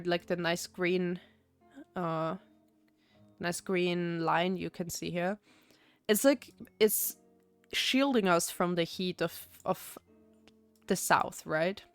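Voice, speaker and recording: A woman's voice: fairly low pitch, clean tone, no room sound. Rambling woman streamer. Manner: rambling, many fillers and restarts. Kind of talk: casual gameplay chat.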